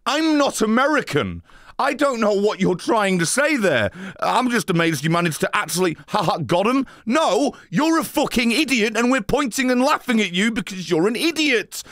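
A British man hosting a live gameplay stream, ranting at chat with swearing and sudden shouted outbursts. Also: sits high, big pitch swings, moderate pace, no room sound, clean studio sound. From Britain. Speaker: streamer host.

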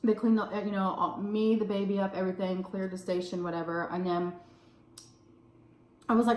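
A woman in her thirties with a Texan accent, telling a story in casual vlog chat, animated and swearing freely. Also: normal speed, pauses often, echoey room. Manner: animated, swears freely, acts out quotes in a high voice. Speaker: food vlogger telling a story. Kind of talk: casual storytime while eating.

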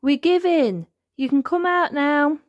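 A cheerful, kindly elephant from a children's storybook, put on by a woman reading aloud. The voice rides high and bounces lively, bright and teasing. The sound is close and dry. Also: unhurried, dry recording, highs cut off.

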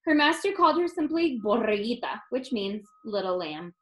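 A woman teacher reading a picture book aloud with an expressive, storytelling manner. Her voice sits a little high. She explains things plainly for young listeners. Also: normal speed, low-quality recording.

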